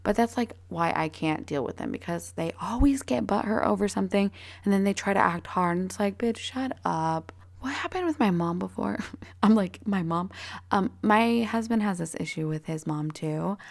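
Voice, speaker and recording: A woman's voice: medium pitch, animated, normal speed, creaky. A young woman hosting her own podcast, talking casually and bluntly with lots of swearing and fillers. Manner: blunt, profane, rambling with many fillers. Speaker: podcast host. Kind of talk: casual solo podcast talk.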